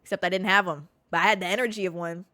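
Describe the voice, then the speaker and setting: Bright, animated woman telling a story. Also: fairly low pitch, no room sound. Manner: animated, swearing, dramatic pauses. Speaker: podcast host. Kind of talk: casual storytelling.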